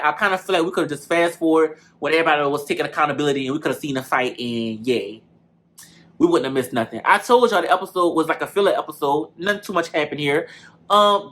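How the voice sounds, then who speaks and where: A man recapping a reality show episode in casual, animated commentary, full of cursing and gossip, often calling the viewers y'all. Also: on the high side.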